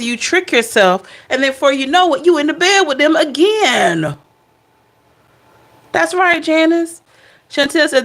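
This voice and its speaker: A woman's voice: high voice, lively intonation, unhurried, long pauses, a bit bright. A woman giving a casual tarot reading, chatty, blunt and playful, speaking straight to her viewers. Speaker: tarot reader.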